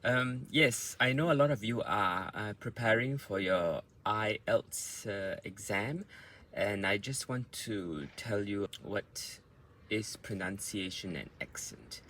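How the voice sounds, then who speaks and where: A man with an Australian accent, an English language coach giving a patient pronunciation lesson and repeating words slowly to show their stress. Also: fairly low pitch, lively intonation, pushed and bright.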